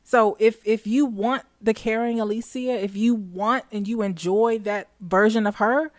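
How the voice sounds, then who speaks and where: A woman's voice: a little high, steady tone, a little slow, no echo. Chatty woman co-host, dry sound. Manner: reflective, frequent self-restarts, laughs often. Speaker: podcast co-host. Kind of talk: casual chat.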